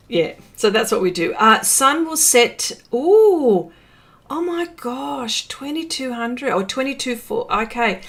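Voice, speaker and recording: A woman's voice: a little high, lively intonation, slow, pauses often, pushed and bright. An Australian woman hosting a live art stream, chatting casually and reading out viewer comments, with many fillers and small laughs.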